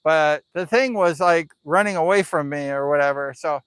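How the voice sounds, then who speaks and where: A man's voice: a little high, moderate pace, a bit bright, smooth, no echo. A man on a live stream telling a spooky story in a casual, rambling way, full of "like" and "you know".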